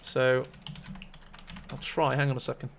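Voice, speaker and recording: A man's voice: medium pitch, level tone, unhurried, vocal fry, a little hiss or hum. A man casting a strategy-game match on a live stream, chatty and rambling with self-mocking asides. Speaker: esports caster.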